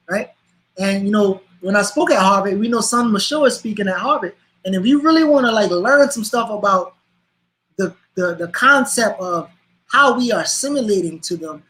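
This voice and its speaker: Passionate man with Charleston Lowcountry accent. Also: pushed and bright, poor audio. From Charleston, South Carolina. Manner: emphatic, passionate, rhetorical. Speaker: guest, motivational speaker. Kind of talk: interview conversation.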